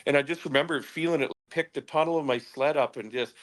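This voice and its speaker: A man from British Columbia sits in as a podcast guest and spins a story in loose, cussing chat. His telling is animated: he mimics sounds and acts out what people said. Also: a little high, fast talker. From British Columbia, Canada. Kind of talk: casual storytelling.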